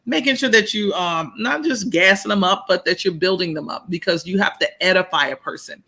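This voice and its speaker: A woman co-hosting a marriage coaching live chat, with a bright, forceful tone. Her delivery is casual and animated. She slips into little acted-out bits of dialogue and hammers her points home through repetition. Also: on the low side, brisk. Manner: animated, acts out quoted dialogue, repeats points for emphasis.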